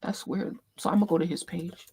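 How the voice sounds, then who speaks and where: A woman hosting a casual fan livestream, thinking aloud as she scrolls and reads posts, swearing freely and bursting into loud laughs. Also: lowish voice, fairly even intonation, a little fast, breathy edge, dry recording. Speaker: livestream host.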